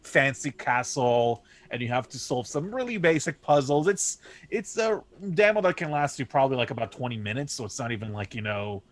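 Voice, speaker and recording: A man in casual podcast chat, relaxed and meandering. His pitch sits in an ordinary middle range, and he pads his sentences with easy fillers as he describes things. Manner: laid-back, rambling with many fillers. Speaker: podcast guest, game developer.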